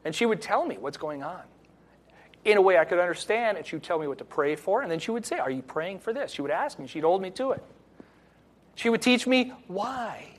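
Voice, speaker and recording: A man's voice: high-pitched, lively intonation, fairly quick. A middle-aged male pastor giving an earnest, reflective sermon with personal stories.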